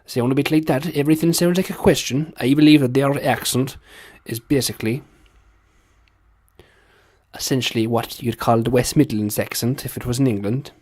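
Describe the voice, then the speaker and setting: A man's voice: medium pitch, fairly even intonation, moderate pace, darkish tone, pitched above the performer's own voice, lightly acted. A man putting on a Cork or Kerry accent in a comedy vlog, lilting so that everything sounds like a question. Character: sing-song Cork countryman.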